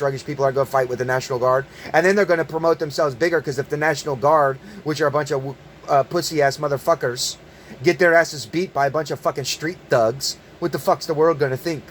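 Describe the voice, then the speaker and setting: In a mid-range voice with a slight hiss or hum, a male online commentator launches into a furious, foul-mouthed rant. He hammers his points hard, firing off repeated words in bursts.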